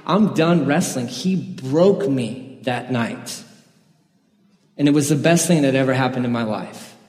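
A man's voice: mid-range voice, lively intonation, measured pace, darkish tone. A man preaching a sermon in an earnest, conversational way, sharing his own story with the congregation. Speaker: pastor. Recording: echoey hall with long reverb.

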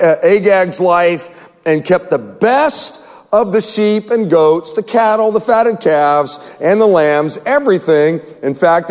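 High, lively preacher in a reverberant hall. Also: male voice. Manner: reads scripture with wry asides and chuckles. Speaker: pastor. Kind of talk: sermon.

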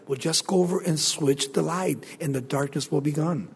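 A man preaches in a high voice, his delivery jumping between loud outbursts and soft asides. His voice carries a long reverb from a large church hall. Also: normal speed, vocal fry, few pauses, slightly rough. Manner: animated preaching with sudden loud and soft turns. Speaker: pastor. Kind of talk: sermon.

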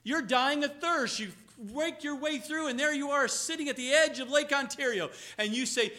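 A man preaching a sermon as pastor, swinging from loud, emphatic lines to hushed, low passages and slowing to stress key words. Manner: acts out quoted voices, slows on key words.

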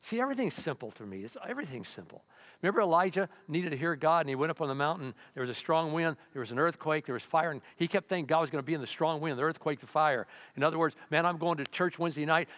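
An older man preaching to his congregation in a loose, conversational way. His voice sits a little high for a man, and he keeps jumping into loud, excited bursts before dropping back to plain talk. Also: quick pace. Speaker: pastor. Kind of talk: sermon.

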